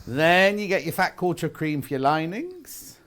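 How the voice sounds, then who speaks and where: Guy doing a live shopping show, chatty, jokey, a bit higher voice. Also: sing-song, normal speed, fairly bright tone. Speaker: shopping channel presenter. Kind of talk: live sales presentation.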